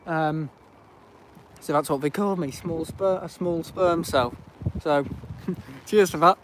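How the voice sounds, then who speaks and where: Speaking slowly in a somewhat high, slightly bright voice, a livestream host wanders through aggrieved, filler-heavy talk outdoors at an airport visitor park. The stream's outdoor audio is noisy.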